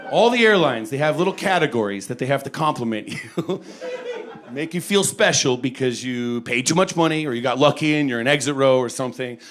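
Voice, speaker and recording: A man's voice: mid-range voice, lively intonation, a little fast, crowd noise. A man doing stand-up who slips into a mock-pompous, haughty voice to mock himself. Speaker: stand-up comedian. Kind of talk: stand-up observational comedy.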